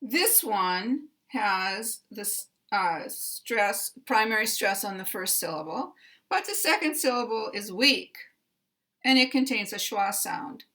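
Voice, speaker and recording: Slow, bright-voiced American woman teaching. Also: mid-range voice, expressive. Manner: deliberate, carefully enunciated, repeats example words. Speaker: pronunciation teacher. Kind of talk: slow instructional explanation.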